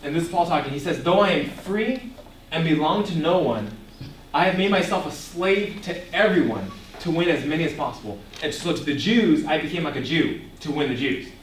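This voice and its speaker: A young man giving an animated ministry talk to a young audience, asking the room questions and laughing often. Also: fairly high pitch, a little fast, distant mic, a little hiss or hum. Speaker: ministry speaker. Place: echoey room before a live audience. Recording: echoey room, voice picked up from afar.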